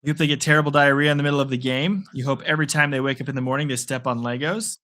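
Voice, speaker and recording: A man's voice: mid-range voice, steady tone, very fast, sharp tone. A man hosting a live play-by-play reaction stream, playful and rambling between calls. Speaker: sports stream host.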